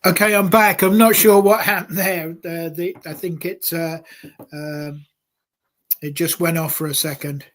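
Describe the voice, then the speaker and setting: Male host, slightly higher pitch, halting and casual delivery. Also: steady tone, a bit bright. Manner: hesitant, many ums and restarts. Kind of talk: casual live-stream chat.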